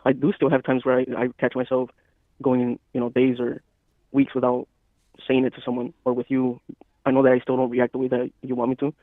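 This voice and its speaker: A man co-hosting a casual podcast chat, talking in a calm, even, matter-of-fact way. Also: medium pitch, brisk, no echo. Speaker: podcast co-host. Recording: dry, phone-like thin sound.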